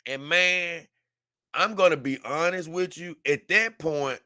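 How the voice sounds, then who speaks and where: A man's voice: fairly high pitch, a little slow, sharp tone, clean tone, dry recording, clean studio sound. A man, talking casually to camera and telling a story earnestly, rambling with many restarts. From Memphis, Tennessee. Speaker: vlogger.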